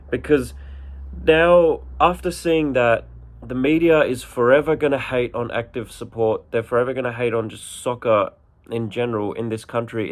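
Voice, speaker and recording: A man's voice: medium pitch, a little mellow. A young man, vlogging to camera in an agitated, swearing way and repeating himself. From Australia. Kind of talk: reaction vlog to camera.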